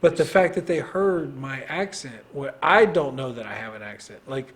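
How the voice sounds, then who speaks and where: A man's voice: medium pitch, animated, normal speed, a bit bright. A man in his thirties from Texas, rambling in casual podcast chat, swearing and laughing often. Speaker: podcast host.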